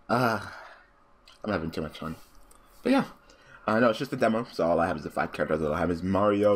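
A man giving casual let's-play commentary, cursing freely and breaking into loud, excited outbursts and laughter. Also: fairly low pitch, moderate pace, pauses often, slightly rough. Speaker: gaming commentator.

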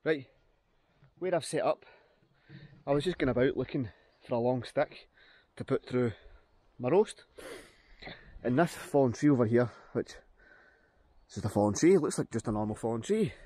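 Out in a forest, a man from Scotland vlogs to camera in a relaxed, cheerful way, musing as he goes. He speaks at a moderate pace with medium pitch, lively intonation and a dark tone, leaving long pauses, and there's no echo.

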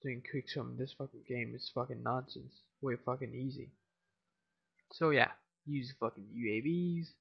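A man's voice: mid-range voice, fairly even intonation, moderate pace, vocal fry, slightly rough, muffled recording. A tired teenage boy commentating his shooter gameplay casually, mumbling and swearing often.

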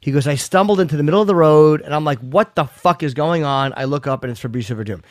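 A man's voice: a little high, fast, dry recording, studio quality. A man co-hosting a casual chat show, retelling a story with heat and plenty of swearing. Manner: heated, profane retelling, quotes others. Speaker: podcast co-host.

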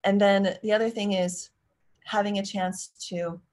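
A woman's voice: medium pitch, fairly even intonation, unhurried. A woman in her thirties answering parents' questions on a live stream, chatty and acting out little scenes. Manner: chatty and warm, acts out parent and child lines. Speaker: parenting coach.

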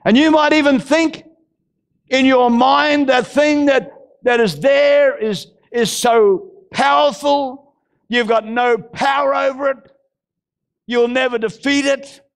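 A male pastor, preaching a fervent sermon that bursts into shouting. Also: very high voice, steady tone, slow, creaky. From Australia.

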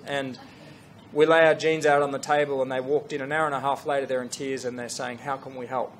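A middle-aged man, a fashion brand founder telling a story to an audience in an earnest, animated way with restarts. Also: mid-range voice, brisk, slight background noise. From Australia.

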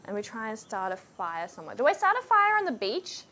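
Excitable woman streaming a game. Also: on the high side, fairly quick. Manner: excitable, exclaiming, laughing often. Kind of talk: live gameplay commentary. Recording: game sounds loud in the background.

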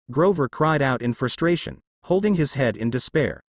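Man reading a story aloud with a lively pitch. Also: normal speed, few pauses, no room sound. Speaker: fan fiction reader. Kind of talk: read-aloud narration.

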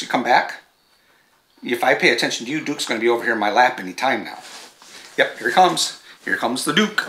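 A man chats casually at home, hosting his knitting show and drifting from topic to topic. His tone is very bright and sharp, in an echoey room. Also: mid-range voice, animated, brisk, a little hiss or hum. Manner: chatty and digressive, breaks off to talk to his dogs. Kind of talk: casual chat to camera. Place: home with dogs around.

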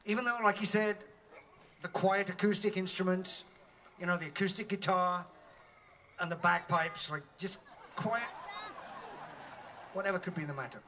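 Male band member, high bright voice; wry storyteller on an outdoor stage. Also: moderate pace, pauses often, slight background noise.

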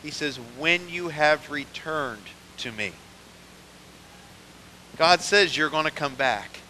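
A man's voice: fairly high pitch, slow, sharp tone, a little hiss or hum. A man preaching a sermon as pastor, talking straight to the congregation and building in intensity. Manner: preaching with rising intensity, addressing the church. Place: church sanctuary. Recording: church hall with long reverb.

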